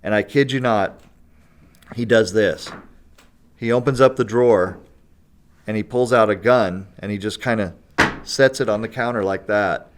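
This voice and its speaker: A man's voice: on the low side, moderate pace, long pauses, a little hiss or hum. A man telling a long story in a casual podcast chat. He laughs often and keeps checking in with "right?" and "you know". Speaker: guest storyteller.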